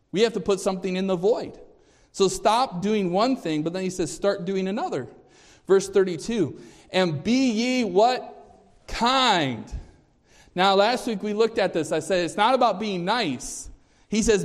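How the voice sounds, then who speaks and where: Emphatic male pastor in a reverberant hall. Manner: emphatic, often rising in pitch and volume, quizzing the congregation; repeats and restarts words, measured and deliberate in places. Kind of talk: sermon.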